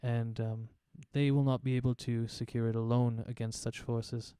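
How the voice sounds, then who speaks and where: A man's voice: mid-range voice, flat delivery, moderate pace, mellow, clear, resonant tone, no room sound, natural voice. A man voicing a dutiful soldier of the Empire who reports to his lord in a formal, deferential way during a tabletop game. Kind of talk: tabletop role-play voicing.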